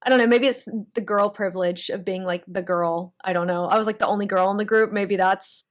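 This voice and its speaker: Young woman guest, mid-range voice, animated storyteller who trips over her words. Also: medium pitch, fairly quick. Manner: animated storytelling with frequent restarts and laughs. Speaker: guest contestant. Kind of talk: casual interview chat.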